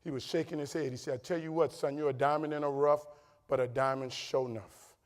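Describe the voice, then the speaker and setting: A middle-aged man with a New Orleans accent tells stories from a stage, his voice pitched high for a man. He slips into the voices of the people he quotes, and the sound echoes with the long tail of a large hall. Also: fairly quick. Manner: animated, acts out quoted voices, laughing asides. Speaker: keynote speaker. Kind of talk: motivational storytelling speech.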